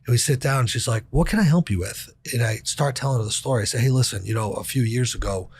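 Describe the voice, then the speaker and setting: A man's voice: mid-range voice, fast, darkish tone, slightly rough. A man in his thirties telling a candid personal story in casual conversation, swearing casually and acting out quoted dialogue. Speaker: podcast guest.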